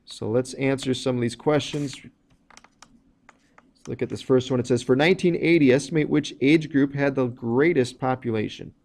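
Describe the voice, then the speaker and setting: A man's voice: medium pitch, moderate pace, gravelly, a little mellow. A man teaching a recorded math lesson, walking through each step plainly with some fillers. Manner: plain explanatory, walks through steps with fillers.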